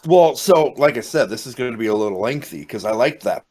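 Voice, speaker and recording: A man co-hosting a podcast, retelling movie scenes in a rambling, animated way with casual swearing. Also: mid-range voice, a little fast. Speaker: podcast co-host.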